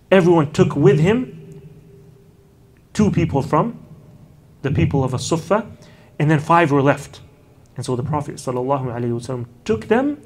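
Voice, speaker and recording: A man giving an unhurried lecture on early Islamic history, telling stories and often adding Arabic honorifics and casual "you know" asides. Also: medium pitch.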